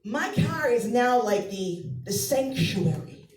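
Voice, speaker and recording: Lively-voiced woman doing stand-up. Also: on the high side, takes it slowly. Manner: chatty storytelling, acts out family voices. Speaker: stand-up comedian; mother of two. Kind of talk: stand-up comedy set. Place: comedy club stage. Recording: echoey club, mic from a distance.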